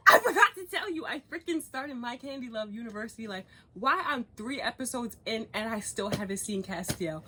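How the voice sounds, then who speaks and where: A young woman vlogging in casual chat, animated, swearing freely and laughing often as she rambles. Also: a little high, brisk, few pauses, husky. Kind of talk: casual chat, cookie review and gossip.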